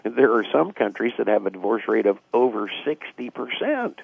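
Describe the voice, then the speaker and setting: A man with a low, gravelly, husky voice talks reflectively as a radio guest, piling on fillers. He comes through a tinny, dry phone line. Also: big pitch swings, normal speed. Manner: reflective, acts out quoted dialogue, frequent fillers. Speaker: guest author. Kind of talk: casual radio interview explanation.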